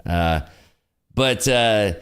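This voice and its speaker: A man's voice: lowish voice, expressive, drawn-out words, fairly bright tone, clean tone. A man hosting a trading livestream, talking in a rambling, laid-back way with lots of fillers. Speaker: futures trading livestream host. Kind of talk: casual livestream commentary.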